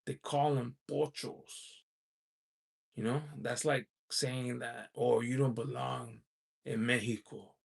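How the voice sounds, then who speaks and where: A man's voice: mid-range voice, vocal fry, husky. A man from the United States hosting a casual livestream, reading out viewer chat and rambling with lots of "you know" asides and frequent chuckles. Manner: chuckles often while talking.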